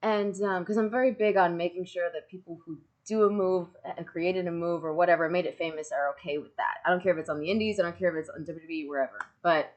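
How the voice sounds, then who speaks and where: A woman's voice: lowish voice, steady tone, fast, hardly any pauses, lo-fi sound. Woman, 30s, stream host; bubbly storyteller, acts out quotes, laughs a lot. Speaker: streamer hosting a video call. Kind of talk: casual chat.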